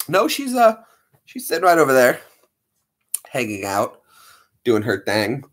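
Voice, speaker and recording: Animated, chatty man live-streaming. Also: medium pitch. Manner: chatty, animated, playful asides to viewers. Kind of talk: casual live-stream chat.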